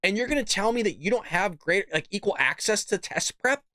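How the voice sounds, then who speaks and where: A man's voice: high-pitched, lively intonation, a little fast, sharp tone, dry recording, clean studio sound. A man hosting a political commentary show, ranting bluntly and cussing. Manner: blunt, fired-up, cusses. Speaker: host.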